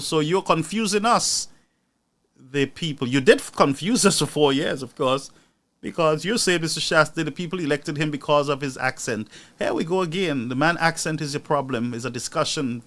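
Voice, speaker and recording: A man hosting a political commentary show, talking to his audience with indignation and rising into loud outbursts. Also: on the high side, moderate pace. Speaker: news commentary host.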